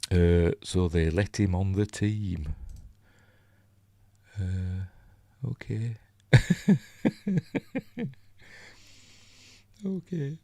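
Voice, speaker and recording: Deep-voiced Yorkshire man, rambling. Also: darkish tone, no echo, clean studio sound. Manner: rambling, many ums and restarts. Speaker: host. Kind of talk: casual film commentary.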